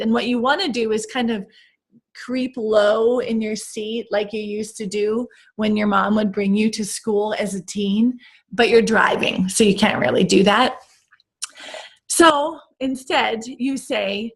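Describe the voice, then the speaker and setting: A woman in her thirties or forties hosting a podcast, telling a story to her listeners in a lively, casual way and laughing often. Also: medium pitch, unhurried, slightly rough. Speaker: podcast host and coach for expats.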